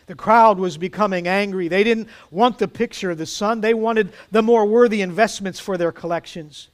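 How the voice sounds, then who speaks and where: A man preaching a sermon, telling a story with dramatic pauses and soft emphasis. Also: high voice.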